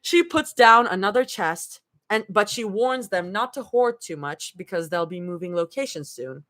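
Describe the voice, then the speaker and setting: A woman's voice: mid-range voice, animated, normal speed, fairly bright tone. A woman reading fan fiction aloud live, breaking off to laugh and react.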